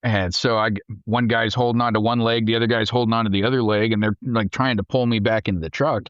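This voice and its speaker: A man's voice: normal speed, dry recording, muffled recording. A man telling war stories in casual conversation, swearing freely and acting out quotes in a raised voice. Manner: profane, animated, acts out quotes in a shouted high voice. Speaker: podcast guest, Marine veteran. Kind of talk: casual storytelling.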